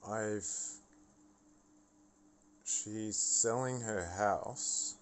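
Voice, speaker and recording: Man, vlog rant, tired, blunt and profane, slow and deliberate. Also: mid-range voice, slight background noise. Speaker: vlogger. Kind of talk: casual ranting monologue.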